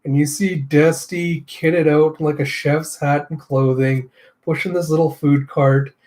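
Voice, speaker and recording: A man reads a comic aloud in a casual, offhand way. He narrates the panels with relaxed asides. His voice sits a bit high. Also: moderate pace. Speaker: comic readthrough host.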